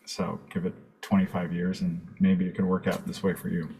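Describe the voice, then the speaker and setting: A man speaking as a guest photographer on a webinar, relaxed and rambling, with many fillers and asides. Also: sits low, moderate pace, creaky, a little hiss or hum. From California. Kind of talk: casual presentation.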